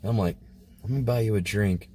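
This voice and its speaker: Guy on a live stream kinda low voice, rambling crude story, tons of likes and you knows. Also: a little fast, darkish tone, a little hiss or hum. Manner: rambling and crude, heavy filler words. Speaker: livestream host. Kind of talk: casual storytelling to a live chat.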